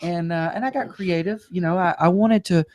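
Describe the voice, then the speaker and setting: A man's voice: sits high, moderate pace, darkish tone, dry recording, lo-fi sound. A man guest on a talk show, telling a personal story with humor and playful acted-out quotes.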